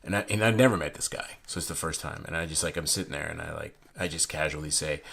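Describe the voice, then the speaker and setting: Young man, low and husky, loose chatty card-review vlogger who rambles. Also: fast, few pauses, a bit bright. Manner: rambling, chatty storyteller with many fillers and restarts. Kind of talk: casual unboxing chat.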